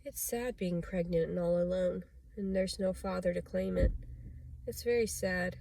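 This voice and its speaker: Agitated, swearing woman with a lowish voice. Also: moderate pace, creaky, mellow. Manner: agitated, rambling, heavy swearing. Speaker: vlogger. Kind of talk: confessional vlog monologue.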